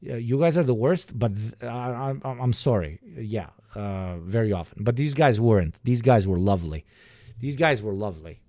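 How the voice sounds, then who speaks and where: A young man streaming to his chat, rambling through a story with plenty of swearing and asides. His voice sits a little low and sounds mellow, recorded close and dry. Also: expressive, normal speed, no echo. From Balkans. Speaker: livestreamer. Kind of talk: casual chat with viewers.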